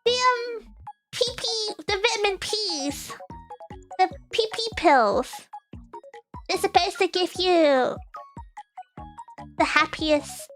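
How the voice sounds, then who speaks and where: Very high-pitched giggly woman streamer. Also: slow pace, long pauses, a bit bright. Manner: giggly and teasing, laughs often; playful stammering restarts. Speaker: live-stream host. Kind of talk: casual live-stream chat. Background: faint background music.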